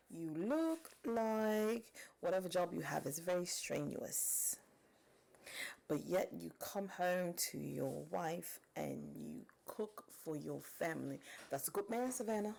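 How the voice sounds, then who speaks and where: A woman in her forties giving animated, chatty reaction commentary and talking straight to her viewers. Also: lowish voice, slow, gravelly.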